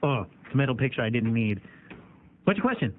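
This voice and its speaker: A man's voice: mid-range voice, very animated, fast, a little hiss or hum. A man hosting a call-in radio show, joking and teasing callers. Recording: tinny phone-line radio audio.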